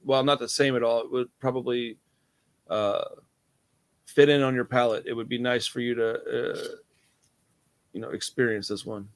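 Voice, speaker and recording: A man's voice: mid-range voice, fairly even intonation, moderate pace, pauses often. A young man hosting a casual movie review chat, laid-back and rambling, calling his friend dude and bro. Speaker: host.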